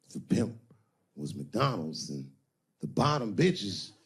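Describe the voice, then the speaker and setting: Animated male stand-up comic. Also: measured pace, a little hiss or hum. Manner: animated, acts out characters with big pitch swings. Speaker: stand-up comedian. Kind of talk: stand-up storytelling. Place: comedy stage before a live audience.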